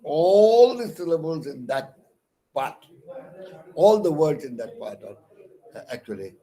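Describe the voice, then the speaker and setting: His voice is a little high, animated and warm, moving a bit slowly, with an Indian English accent. This man, a counsellor teaching English literature, lectures online on poetic meter, stumbling through fillers and restarts and stressing syllables in the examples he reads.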